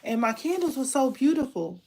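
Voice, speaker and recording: A woman's voice: high-pitched, sing-song, normal speed, darkish tone. A woman who makes candles and teaches online, telling her own story to the camera in a candid, emotional way, often repeating herself.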